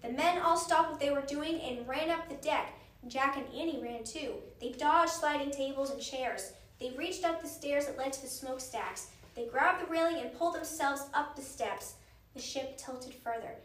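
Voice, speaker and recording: A woman reading a children's chapter book aloud with an expressive, dramatic delivery. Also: high voice, moderate pace, far from the mic. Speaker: storyteller. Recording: roomy sound, voice off-mic.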